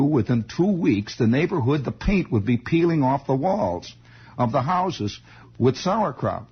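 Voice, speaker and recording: A husky, mid-range male voice belongs to a radio host telling a rambling, digressive story from his childhood, chuckling as he goes. It's an improvised storytelling monologue heard through a dull, lo-fi 1960s radio broadcast.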